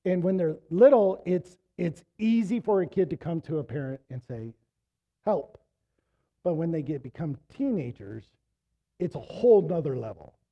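A middle-aged man preaching a sermon with a slightly high voice that is wearing thin. He tells stories casually, then pushes into emphatic exhortation. The recording sounds muffled and lo-fi. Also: animated, normal speed. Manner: conversational storytelling, rising to emphatic exhortation. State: losing his voice. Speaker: pastor.

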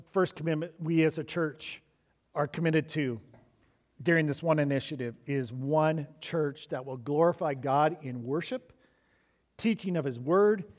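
Man preaching in a church, fairly high voice, emphatic, repeats lines for stress. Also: darkish tone. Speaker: pastor. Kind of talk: sermon.

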